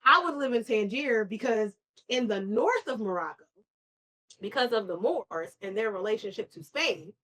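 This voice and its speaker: A young woman from New York telling animated travel stories on a casual podcast over wine, acting out the people she quotes. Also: medium pitch, moderate pace, a little hiss or hum. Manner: animated storytelling, acts out quoted voices. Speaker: podcast co-host.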